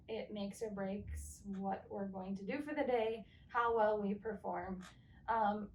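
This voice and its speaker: A woman's voice: a little high, darkish tone, far from the mic, slight background noise, poor audio. A woman guest clinician speaking earnestly and encouragingly in a casual panel talk, with frequent ums.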